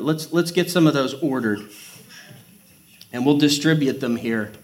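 A man preaching a sermon in a conversational way, reading scripture and joking in asides. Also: on the high side. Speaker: pastor.

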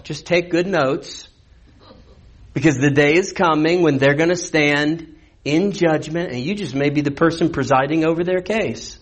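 Male pastor, slightly high voice, chatty sermon delivery with emphatic outbursts. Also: a little slow, poor audio. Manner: conversational preaching with sudden emphatic bursts.

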